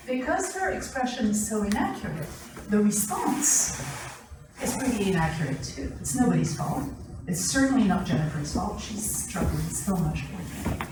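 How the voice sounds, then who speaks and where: Woman teaching a class, kinda high voice, acts out the quotes and laughs a lot, sounds far off in a big echoey room. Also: normal speed. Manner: animated, acts out quotes, laughs often, keeps asking "right?". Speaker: family skills class teacher.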